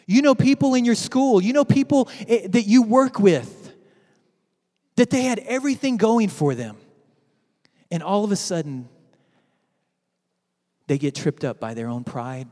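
High-voiced dramatic male preacher. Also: in a large hall. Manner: dramatic, swinging from loud to hushed. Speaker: pastor. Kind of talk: sermon.

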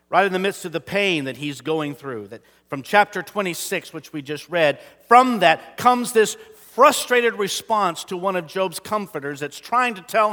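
A man preaching a sermon in a church, dramatic, swinging between loud declarations and hushed whispers while calling out to the congregation. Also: sits high. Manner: calls out to the congregation. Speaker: pastor. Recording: long hall reverb.

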